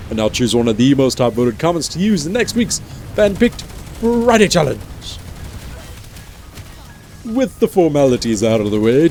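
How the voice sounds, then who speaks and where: A man's voice: a little high, darkish tone, slight background noise. A man hosting a gaming video in a playful, jokey commentary style with teasing asides. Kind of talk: casual game commentary.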